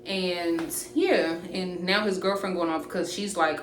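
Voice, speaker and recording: A young woman, casually telling an animated, profane storytime to camera. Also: fairly low pitch, measured pace. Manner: animated, profane, jumps into quoted voices. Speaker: storytime vlogger. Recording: roomy echoey room with faint hiss.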